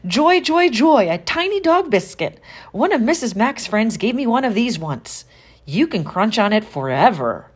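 A woman's voice: mid-range voice, animated, moderate pace, husky, pitched above the performer's own voice. A woman voicing a cheerful small male hamster who narrates the story, eager and chatty. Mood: delighted.

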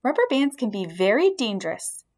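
Brief: a woman playing a kind, gentle young girl in a storybook reading, soothing tone. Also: fairly high pitch, sing-song, normal speed.

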